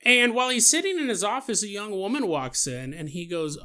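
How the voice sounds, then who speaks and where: A male podcast host rambles through his story in a chatty, animated way, laughing between asides. His voice sits high for a man and rings bright and forceful. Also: a little fast, hardly any pauses. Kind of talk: casual storytelling monologue.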